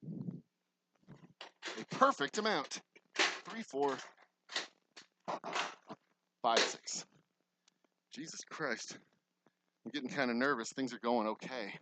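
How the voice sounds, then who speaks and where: A man's voice: medium pitch, slow, pauses often, heavy background noise. A man with a Texan accent, casually talking viewers through a framing job on a construction site, thinking aloud with self-deprecating asides. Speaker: distillery owner vlogging construction. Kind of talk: casual vlog while working. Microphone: camera mic, moving around off camera.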